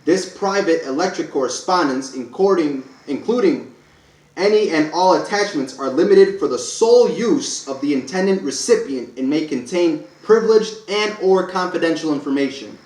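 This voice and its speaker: Man reading a declaration aloud, firm and emphatic, a touch high-pitched, roomy echo. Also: lively intonation, normal speed, a little mellow. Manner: emphatic, listing clauses one by one with stumbles. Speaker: self-declared speaker reading a public proclamation. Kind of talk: read-aloud declaration to camera.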